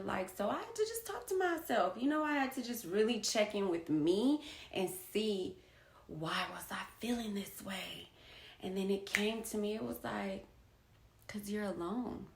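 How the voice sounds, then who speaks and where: A woman's voice: mid-range voice, lively intonation, unhurried, creaky, echoey room. A woman talking candidly and emotionally about her life, blunt and swearing freely. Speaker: vlogger. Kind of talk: candid personal monologue.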